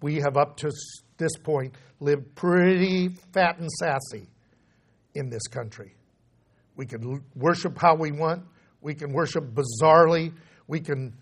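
A middle-aged male preacher with a fairly high voice delivers a sermon. He rises to loud, emphatic proclamations, then drops low and quiet to drive a point home.

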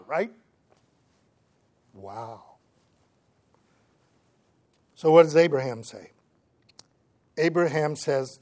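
A man preaching a sermon to his congregation, who often checks in with the listeners and breaks into lively voices for the people in the story. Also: mid-range voice, a little slow, pauses often. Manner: animated preaching, acts out the voices of the figures in the story; checks in with the listeners, asking "right?" again and again. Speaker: pastor.

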